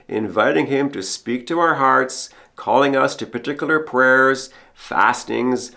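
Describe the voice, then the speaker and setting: A man's voice: medium pitch, fairly bright tone. Earnest man preaching a homily. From Canada. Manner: earnest, repeats a refrain for emphasis. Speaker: priest hosting a podcast homily. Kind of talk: sermon.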